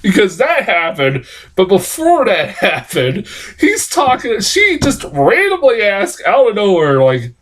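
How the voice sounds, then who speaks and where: A man giving a rambling, casual film review, swearing often and laughing at his own points. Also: unhurried. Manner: animated, jumps high in pitch when exclaiming.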